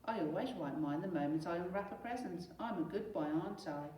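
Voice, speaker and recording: A prim, smug little boy who tells tales, as a woman voices him in a storybook reading. He speaks slowly and carefully. The voice sits off the mic in an echoey room. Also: on the low side, warm tone, distant mic, a little hiss or hum, close to an everyday voice. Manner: prim and tattling.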